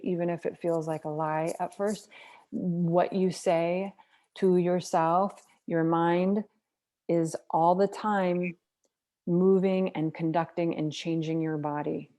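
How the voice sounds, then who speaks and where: A holistic health practitioner from the United States offers earnest, blunt advice in casual conversation, swearing freely. Her voice is mellow and on the low side.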